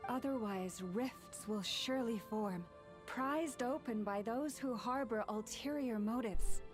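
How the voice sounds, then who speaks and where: Lauma, a calm young moon priestess, played by a woman, speaks in steady, measured tones, a little high in pitch. Game music swells behind her rousing words. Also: close to an everyday voice. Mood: solemn. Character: solemn young female moon priestess leader.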